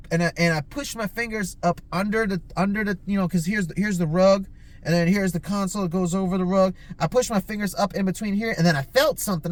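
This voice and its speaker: A man hosting a podcast, telling casual stories in a rambling, heavily profane way, with lots of "like" fillers and his own quotes acted out in sudden jumps of pitch. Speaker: podcast host. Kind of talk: casual storytelling.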